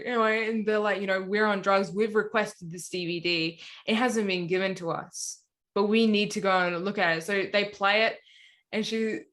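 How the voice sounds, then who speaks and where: A woman's voice: mid-range voice, fairly bright tone. Rambling Australian woman telling a story. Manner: rambling, many "anyway" and "like" fillers. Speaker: podcast co-host. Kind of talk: casual storytelling chat.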